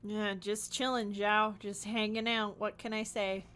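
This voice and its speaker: A young woman streamer giving casual, animated gaming commentary, ranting and giggling. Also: mid-range voice, unhurried.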